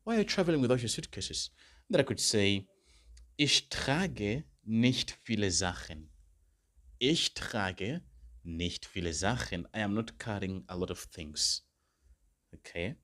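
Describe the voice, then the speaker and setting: A man tutoring for a beginner German exam, explaining in English and slowly repeating German phrases for learners. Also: lowish voice, lively intonation, a bit bright. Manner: patient explainer, checks understanding with "right?" and "okay?". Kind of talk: exam-prep lesson.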